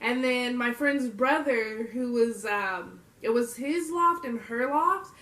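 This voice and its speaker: A woman's voice: on the high side, slow, fairly bright tone, distant mic. A young adult woman vlogging, telling a story to camera in a casual, slangy way and laughing often. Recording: roomy echo.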